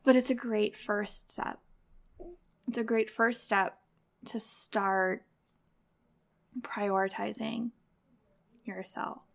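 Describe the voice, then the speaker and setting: A woman's voice: medium pitch, fairly even intonation, slow, vocal fry, long pauses. A woman hosting a podcast for mothers, giving a direct, encouraging motivational talk in a conversational way. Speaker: podcast host.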